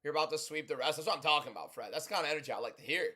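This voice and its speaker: A young man hosting a livestream, talking loudly and chatting casually as he reads and answers viewer comments. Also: fairly high pitch, rapid-fire. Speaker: livestream host.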